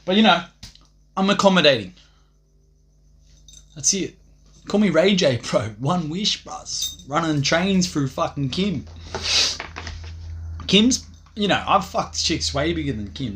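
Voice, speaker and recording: A man's voice: mid-range voice, fairly bright tone. A young man rambling profanely on a livestream, swaggering and laughing at his own jokes.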